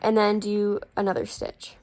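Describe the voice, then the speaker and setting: A young woman hosting a home crafting tutorial. She talks through each step casually and apologizes often, and her voice is a little rough. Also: medium pitch, big pitch swings, moderate pace, darkish tone. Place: indoors at home, warm room.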